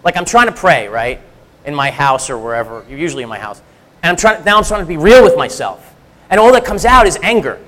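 Speaking a little fast in a slightly high, fairly bright, animated voice, a middle-aged church speaker gives a self-deprecating, candid testimony sermon in a room with a big sound. He is three-quarters Sicilian and talks in a loose, conversational way, frequently starting over.

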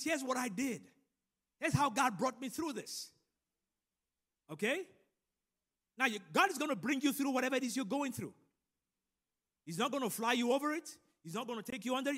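A middle-aged man preaching a sermon and telling a personal story, animated and building to loud emphatic peaks. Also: extremely high pitch. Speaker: pastor. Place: large church room. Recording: long hall reverb.

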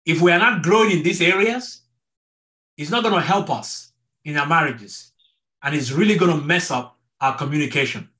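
A man's voice: a little high, moderate pace, pushed and bright. A middle-aged man teaching an online marriage class as a pastor, earnest and repeating his words to stress each point. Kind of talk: online sermon-style teaching.

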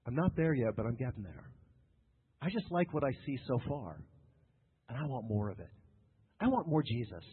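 Husky-voiced preacher in a reverberant hall. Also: male voice, medium pitch, sing-song, normal speed, long pauses. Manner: emphatic and repetitive, with joking asides to the congregation. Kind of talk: sermon. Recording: tinny lo-fi sound with long hall reverb.

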